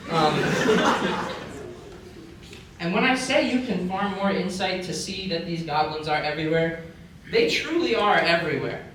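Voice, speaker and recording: A man's voice: fairly high pitch, moderate pace, pauses often. A young man hosting a comedy panel at a convention, talking in a mock-serious, conspiratorial way with lots of fillers, heard through a room microphone. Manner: deadpan mock-conspiratorial, chatty with many fillers. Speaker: panel host. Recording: very echoey hall from far off, noisy.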